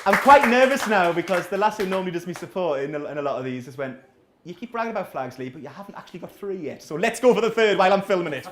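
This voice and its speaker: A man's voice: sits high, expressive, quick pace, crowd noise. A man in his thirties doing a rambling, self-deprecating, sweary stand-up set as the comedian. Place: small coffee shop venue, indoors. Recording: echoey small room.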